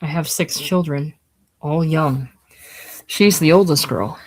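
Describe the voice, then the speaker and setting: A casual audiobook reader voicing a poor German immigrant father who is hard of hearing, in a put-on German accent and a blunt, hurried manner. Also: medium pitch. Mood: anxious.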